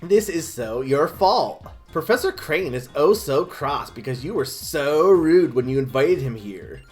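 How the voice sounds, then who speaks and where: A man's voice: a little high, lively intonation, a little slow, soft background music. A man reading aloud as a ditzy, flighty young woman villain from a game, in a gushing singsong manner. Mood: petulant. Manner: gushing, singsong, airheaded phrasing.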